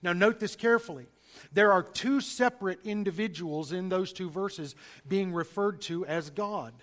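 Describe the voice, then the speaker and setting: A man with a Southern US accent giving an emphatic, lively sermon-style Bible lesson to a church group, with folksy asides. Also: high-pitched, moderate pace. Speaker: preacher teaching a class.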